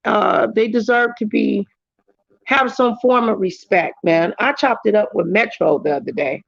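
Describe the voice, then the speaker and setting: A woman's voice: a little slow, vocal fry, no room sound, muffled recording. A woman hosting her own livestream, telling stories in casual chat and jumping into other voices for quotes. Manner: animated storytelling, jumps into high voices for quotes. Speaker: livestream host.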